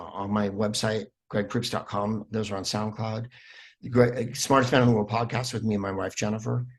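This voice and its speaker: A man, a comedian guest on a podcast, telling stories in a lively, rambling way with plenty of fillers. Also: fairly low pitch. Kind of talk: casual podcast interview.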